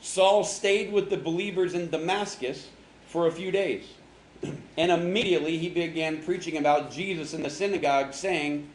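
A man's voice: on the high side, steady tone, normal speed, slight background noise. Joking man teaching in an echoey hall. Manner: joking, quizzes the audience, slangy. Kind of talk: casual Bible lesson to a group. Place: large room with an audience. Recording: echoey hall with faint ambience.

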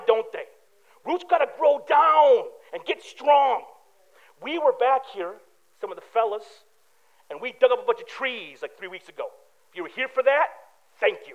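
Animated high-voiced male preacher. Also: lo-fi sound. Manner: animated, emphatic, rhetorical questions, joking asides. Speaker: pastor. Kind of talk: sermon.

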